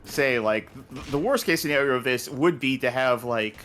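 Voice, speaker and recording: A man's voice: medium pitch, moderate pace, a bit bright, a little hiss or hum. A man co-hosting a game stream, ranting casually and mimicking a drive-thru voice. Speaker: co-host. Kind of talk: casual gaming chat.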